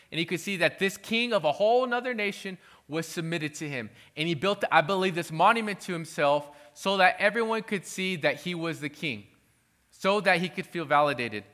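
Male pastor, sermon delivery, high and bright, earnest pleading tone with frequent restarts.

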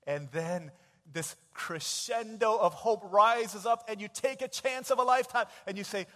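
High-voiced male pastor, animated sermon. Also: moderate pace, long reverb tail. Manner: animated storytelling, big swings in pitch and loudness.

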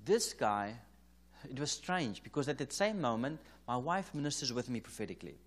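A man's voice: medium pitch, sing-song, moderate pace. A South African man preaching at a conference, telling a story and acting out the conversations in it, with frequent chuckles. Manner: anecdotal, re-enacts dialogue, chuckles often. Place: church or conference hall.

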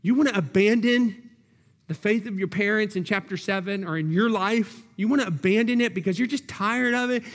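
Pastor, male, high voice, driving sermon delivery with repeated words and questions to the room, long hall reverb. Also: brisk. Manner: emphatic, repeats key words, asks the congregation questions.

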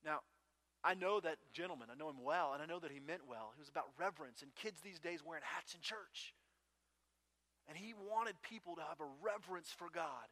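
A man's voice: a little high, fairly quick, sharp tone. A man preaching a sermon as a pastor, telling a personal story in a conversational way and often checking in with "right?".

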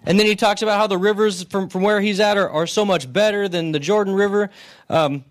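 A male pastor delivers a sermon in a loose, conversational manner, retelling a scripture story with frequent restarts. His voice sits fairly high for a man, and he often pauses to check in with his listeners. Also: fairly even intonation. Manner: conversational, keeps checking in with "right?"; retells stories with restarts and acted asides.

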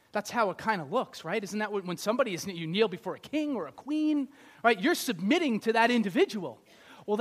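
A male pastor giving a conversational, animated sermon, acting out little scenes. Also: high voice.

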